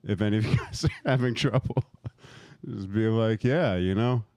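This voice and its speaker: A man's voice: on the low side, fairly even intonation, moderate pace, a little mellow, no room sound. A man in his thirties doing a profane, rambling stand-up set, laughing at his own jokes and working the crowd. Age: 30s. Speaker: stand-up comic.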